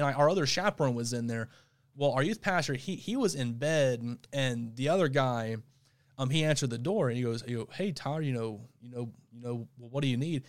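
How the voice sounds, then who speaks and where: A man co-hosting a podcast, telling a story in casual chat, animated, laughing often and stumbling over repeated words. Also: on the high side. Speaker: podcast co-host.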